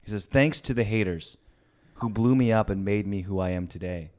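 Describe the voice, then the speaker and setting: A man co-hosting a casual comedy podcast, animated and mocking, laughing often. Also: lowish voice, moderate pace. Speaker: podcast co-host.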